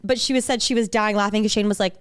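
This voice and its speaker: Young female podcast host, animated storyteller who acts out quotes; smooth, clear voice, dry close recording. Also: medium pitch, quick pace, no room sound. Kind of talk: casual chat.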